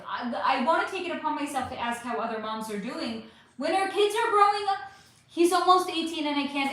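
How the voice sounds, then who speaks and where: Casual woman livestream host, high voice, very echoey room, faint hiss, phone mic. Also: animated, a little fast, fairly bright tone. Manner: chatty, rambling, swears casually. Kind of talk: casual livestream chat reading comments. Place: bright living room at home. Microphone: phone without external microphone.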